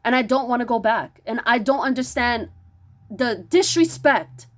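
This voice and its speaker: A woman delivering an impassioned spiritual monologue, preachy and emphatic, stumbling over restarts and pushing into near-yelling rhetorical questions. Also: fairly high pitch, normal speed. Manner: stammering restarts. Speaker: spiritual vlogger.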